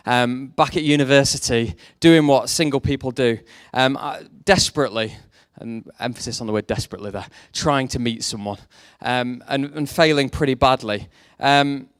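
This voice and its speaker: A man's voice: fairly high pitch, fairly bright tone, clean tone, dry recording, clean studio sound. A young man preaching a sermon, mixing faith talk with self-deprecating jokes about his past. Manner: jokey, self-deprecating storytelling. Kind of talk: sermon with personal stories.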